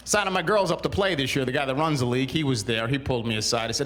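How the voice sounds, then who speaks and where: Exasperated stand-up comic with a bright voice. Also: male voice, on the high side, fast talker, few pauses. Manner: dry, exasperated storytelling with punchlines. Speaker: stand-up comedian. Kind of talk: stand-up comedy routine. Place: small TV studio stage.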